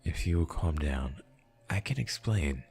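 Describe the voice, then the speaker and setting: A man reading a visual novel aloud, voicing an ancient spirit being who speaks in a measured, formal and detached way. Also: extremely low pitch, animated, creaky, a little mellow, soft background music, full character voice. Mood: placating.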